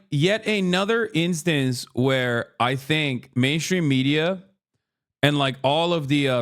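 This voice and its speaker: A man live streaming, reacting to the news in an animated, profane, sarcastic rant with mocking impressions. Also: fairly high pitch. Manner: mocking impressions of other people.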